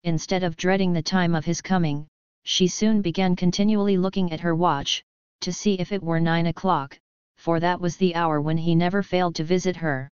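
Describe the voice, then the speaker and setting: Clear, low-voiced woman narrating a fairy tale. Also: fairly even intonation, moderate pace, dry recording, muffled recording. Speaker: audiobook narrator. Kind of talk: storybook narration.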